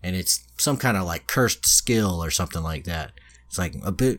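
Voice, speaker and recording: Male podcast host, deep low voice, casual profane storyteller. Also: expressive, normal speed, a bit bright. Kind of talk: casual chat, retelling a plot.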